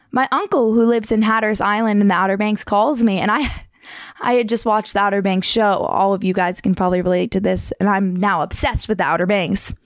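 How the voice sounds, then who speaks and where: A young woman from New Jersey telling her own surfing story in a fast, chatty, animated way with casual slang. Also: medium pitch, no room sound, clean studio sound. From New Jersey, United States. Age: young adult.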